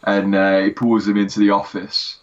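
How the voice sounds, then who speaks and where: Deep-voiced man, lo-fi sound. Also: moderate pace. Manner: animated, laughs while retelling scenes, says "mate" often. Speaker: podcast co-host. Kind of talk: casual review chat. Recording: dull lo-fi sound.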